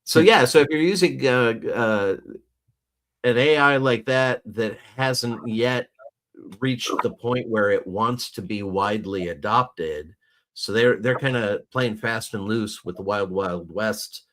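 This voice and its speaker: Man from the US, casual rambling chat, mid-pitched voice, video call audio. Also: slow, a bit bright. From United States. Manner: rambling, many restarts and fillers. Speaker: podcast co-host.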